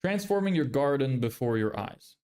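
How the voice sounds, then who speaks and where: A man's voice: mid-range voice, sing-song, normal speed, mellow. A man livestreaming his screen, muttering blunt critiques of websites in a casual, neutral-sounding accent. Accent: neutral, often heard as American. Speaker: business vlogger.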